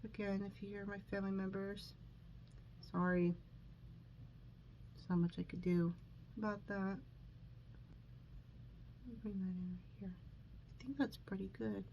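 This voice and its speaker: In a room at home, a makeup vlogger films herself on her phone, chatting as she does her makeup in a mid-range, fairly even voice with vocal fry. She speaks a little slowly, pauses often, and rambles self-consciously with fillers and restarts, sounding a bit nervous and sniffly from allergies. The recording is muffled, with slight background noise.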